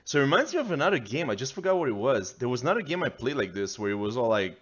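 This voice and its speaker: A man's voice: mid-range voice, very animated, very fast, a bit bright, highs cut off. A man hosting a casual reaction video, rambling and thinking aloud as he watches. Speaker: video host reacting to a trailer.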